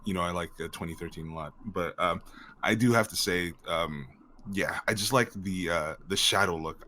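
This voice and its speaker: Deep-voiced, chatty actor, laughing often. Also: male voice, a bit bright, slight background noise. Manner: rambling, many fillers, laughs often. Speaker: actor guest. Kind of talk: casual interview chat.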